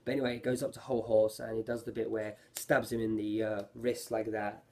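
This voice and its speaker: A man's voice: lowish voice, level tone, fairly quick, a little mellow, a little hiss or hum. A man giving a casual, rambling review of an anime episode, often correcting himself mid-sentence. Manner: rambling, self-correcting, lots of fillers.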